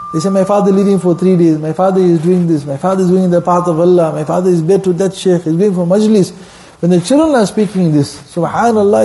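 A man preaching a sermon in impassioned storytelling style, mixing English with Arabic phrases and quick bursts of recitation. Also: high-pitched, warm tone.

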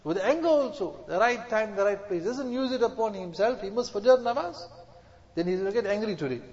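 A man's voice: sits high, darkish tone. A man preaching a sermon, exhorting his listeners and repeating phrases for emphasis. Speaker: Islamic preacher. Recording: dull echoey hall recording.

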